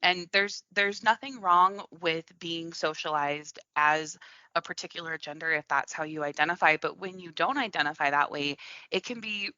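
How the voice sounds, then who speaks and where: A woman's voice: low-pitched, moderate pace, bright, forceful tone, no room sound. A woman co-hosting a podcast in casual chat, talking in an earnest, reflective way with frequent restarts. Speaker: podcast co-host. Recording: dull lo-fi, dry sound.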